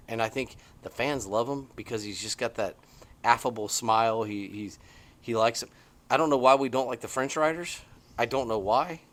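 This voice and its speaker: A middle-aged man co-hosting a podcast in an easygoing chat, his voice sitting at an ordinary pitch. He gets excitable as he tells stories, and his emphasis rises and falls sharply. It sounds like a relaxed talk out on a porch. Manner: animated, excitable storytelling with big swings in pitch. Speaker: podcast co-host. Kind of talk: casual chat. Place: porch, outdoors.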